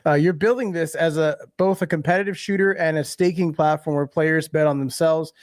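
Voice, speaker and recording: Man, podcast host, slightly high voice, dry close sound, playful and joking. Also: steady tone, a little fast, no room sound. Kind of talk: casual podcast chat.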